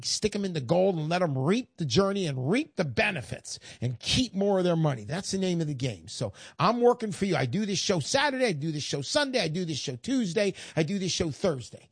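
Older man, radio call-in host, high voice, folksy chatty patter, dry studio sound. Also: big pitch swings, a little fast, slightly rough, no echo.

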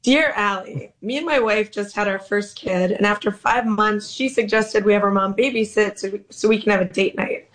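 A woman comedian appearing as a guest, hoarse after losing her voice, chatting casually over a remote call. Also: mid-range voice, moderate pace, few pauses, poor audio. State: hoarse from lost voice. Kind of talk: casual chat.

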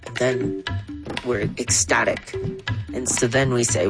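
A woman, a writer, telling an animated first-hand story with soft music behind. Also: measured pace, rough recording. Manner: animated, rising pitch when excited. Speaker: interviewee. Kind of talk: storytelling in an interview.

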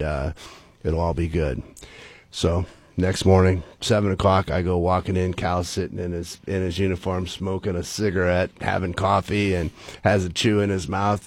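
A middle-aged man, a former baseball player, telling stories as a guest in casual talk, animated and acting out the people he quotes. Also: low-pitched, no echo. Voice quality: gravelly, husky. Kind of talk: casual storytelling.

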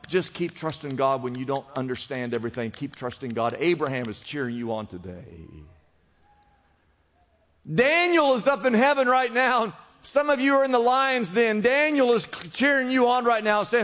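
A man preaching from the pulpit with a high voice, driving his points home through repetition. His words ring out with a long reverb, as if they are filling a large church. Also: animated, normal speed, fairly bright tone. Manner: preaching with rising urgency and repetition. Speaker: pastor. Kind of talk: sermon.

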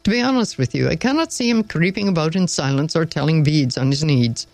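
A man's voice: fairly high pitch, lively intonation, brisk, a little mellow, dry recording. A man doing a blunt farmer father. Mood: earnest. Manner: gruff, homely, plain-spoken. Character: blunt old Northern farmer, plain-spoken father.

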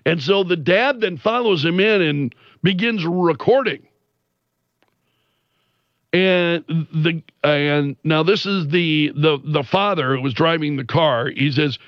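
High-voiced man giving slow commentary. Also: dry recording, dull audio. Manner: animated, retells quotes with censored swearing. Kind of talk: casual news commentary.

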